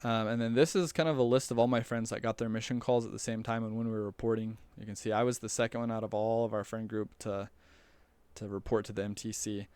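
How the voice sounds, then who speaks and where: A man's voice: fairly low pitch, flat delivery, fast talker, darkish tone, clear, resonant tone, dry recording. A young man casually telling a personal story, chatty and rambling with lots of fillers and restarts. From United States. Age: young adult. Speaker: returned missionary telling his story.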